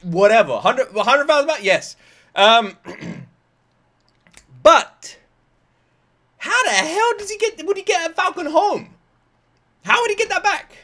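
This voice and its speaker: A man with a British accent giving casual reaction commentary, excitable and swearing often. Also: extremely high pitch, unhurried, long pauses. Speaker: reaction video host.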